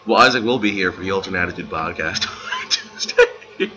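A man's voice: low voice, fairly quick, lo-fi sound, background noise. A young man co-hosting a casual wrestling podcast, rambling and laughing often. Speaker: podcast co-host.

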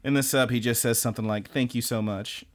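A man co-hosts a casual podcast, retelling an anime with plenty of swearing and jokes. His voice sits at a middle pitch, and he slips in quick put-on voices for the characters. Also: fairly even intonation. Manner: profane, jokey, acts out characters' lines in quick voices. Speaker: podcast co-host. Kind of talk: casual anime recap chat.

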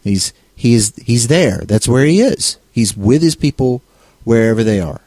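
A man's voice: medium pitch, expressive, moderate pace, mellow, no echo. A man co-hosting a casual discussion on faith, talking in a rambling way with many restarts and fillers. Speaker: co-host.

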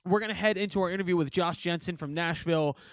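A man's voice: sits high, no room sound, studio quality. A man hosting a podcast, joking with friends and reading a sponsor spot. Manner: joking, reads sponsor spots quickly. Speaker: podcast host. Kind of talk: casual chat.

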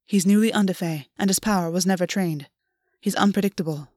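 A woman reading the lines of a weary young male fae who speaks with quiet urgency. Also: fairly quick, no room sound, studio quality, close to an everyday voice. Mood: warning. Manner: urgent, low-key and insistent. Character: weary young male fae, tense older brother type.

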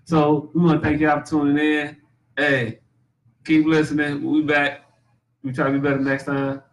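A man's voice: fairly high pitch, completely flat delivery, normal speed, far from the mic, low-quality recording. A man, a guest comedian and actor, chatting casually on a podcast in a laid-back, slangy way, often repeating himself.

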